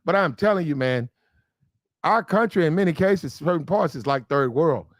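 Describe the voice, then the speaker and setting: A man hosts a heated podcast panel, his voice pitched a little high and recorded very dry and close. He is blunt and insistent, driving each point home by repeating it. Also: expressive, moderate pace, no room sound. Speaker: podcast host.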